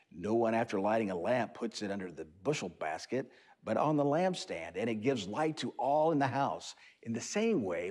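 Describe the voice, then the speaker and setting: A man preaching a reflective sermon for an online service. His voice is low, husky and gravelly. His pitch rises and falls in a lively way, and at times he sinks into soft whispers as he guides his listeners. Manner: reflective, leads listeners through whispered affirmations. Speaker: pastor. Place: church or studio, online worship service.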